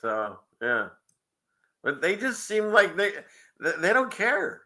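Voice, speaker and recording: A man's voice: high-pitched, sing-song, slow pace, pushed and bright. A man hosting a casual livestream show, rambling and chuckling often between loose asides. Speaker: show host.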